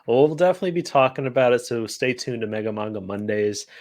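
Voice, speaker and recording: A man's voice: medium pitch, lively intonation, fast talker, darkish tone. A man hosting a casual podcast chat, rambling with many fillers and restarts. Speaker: podcast host.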